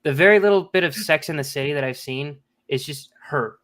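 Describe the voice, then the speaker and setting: A man's voice: fairly high pitch, a little fast, fairly bright tone. A man co-hosting a casual podcast chat, telling crude stories about his wife with frequent laughs. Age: adult. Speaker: podcast co-host.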